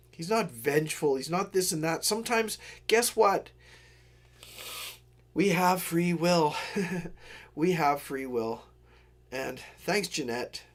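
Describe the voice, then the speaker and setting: A man hosting a live stream, telling a story in a casual, earnest way with digressions and apologetic asides. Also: fairly high pitch. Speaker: livestream host.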